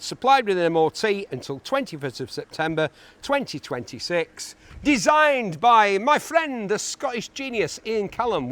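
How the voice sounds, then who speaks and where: Man, auction car presenter, high animated voice, chatty and jokey, reverberant hall sound. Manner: enthusiastic, jokey asides to himself. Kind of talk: chatty car walkaround commentary. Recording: echoey large hall.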